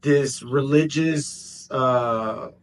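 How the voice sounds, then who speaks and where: A man telling a personal story in a casual, animated way, jumping between excited bursts and hushed asides. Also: mid-range voice, drawn-out words. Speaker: vlogger.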